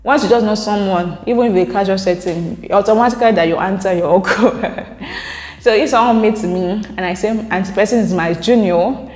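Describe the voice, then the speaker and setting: A woman's voice: mid-range voice, moderate pace, darkish tone. A woman with a Nigerian accent, chatting casually as a vlogger and often laughing between points. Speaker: vlogger reacting to viewer comments. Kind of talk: casual chat. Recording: roomy echo with long reverb.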